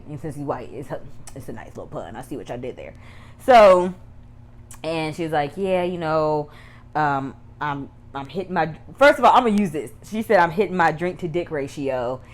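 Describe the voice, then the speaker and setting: A woman with a low voice gives a casual, slangy recap of a TV episode. She is chatty and animated, slipping into the characters' lines as she tells the story and laughing at her own jokes. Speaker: YouTube TV reviewer.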